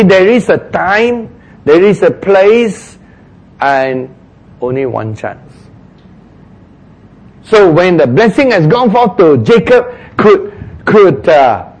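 A man preaches a sermon at an unhurried pace, his voice sitting a little high for a man. He tells the story with animated asides and quick chuckles. He leans on repeated phrases to drive his points home.

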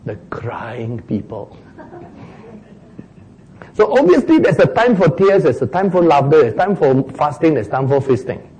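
Male preacher, animated sermon delivery, husky and mellow tone. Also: a little high, a little fast, low-quality recording. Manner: animated, mimics crying sounds for humor.

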